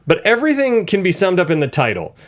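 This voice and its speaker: A man co-hosting a casual movie podcast, joking and swearing as he recaps scenes. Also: high-pitched. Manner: animated, swearing, quick asides. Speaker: podcast co-host.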